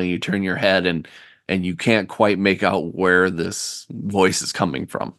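Deep-voiced man narrating as game master. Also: steady tone, dry recording, studio quality. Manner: slow, descriptive narration with restarts. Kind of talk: narrating a tabletop role-playing scene.

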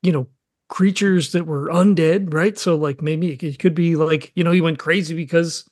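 A man's voice: a little high, steady tone, normal speed, darkish tone, no echo, studio quality. A man playing in a tabletop game, musing in a rambling way full of fillers. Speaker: player. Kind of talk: casual tabletop chat.

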